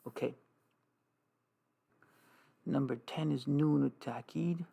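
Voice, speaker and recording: A man teaching an Arabic grammar lesson, slow and repetitive, drilling terms with many "okay"s. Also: medium pitch, vocal fry, mellow, breathy edge. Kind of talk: classroom lesson with writing.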